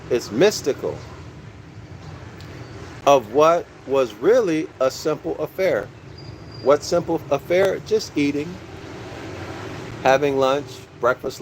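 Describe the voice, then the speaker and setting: Male lecturer, slightly raised pitch, very slow and deliberate delivery, faint hiss behind. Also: low-quality recording. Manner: repeats key phrases, asks the audience questions; says "y'all" to listeners. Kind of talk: slow teaching lecture reading from a book.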